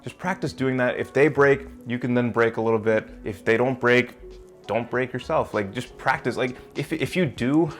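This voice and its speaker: With faint music in the background, a young man at medium pitch and a moderate pace delivers emphatic, no-nonsense advice straight to the camera. He's a self-improvement vlogger with a coaching manner who swears from time to time in his casual videos.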